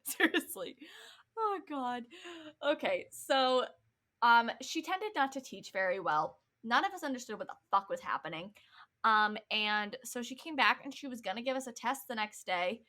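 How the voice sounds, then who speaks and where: Young woman, podcast co-host, giggly storyteller, bright and a little high. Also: lively intonation, normal speed. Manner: giggly, storytelling with frequent ums and swearing. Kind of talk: casual chat.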